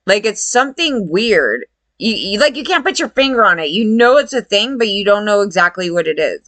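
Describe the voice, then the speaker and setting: Chatty woman with a bright voice. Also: medium pitch, a little fast, no room sound. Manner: rambling, animated, laughs often, quotes people in voices. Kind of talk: casual rambling commentary.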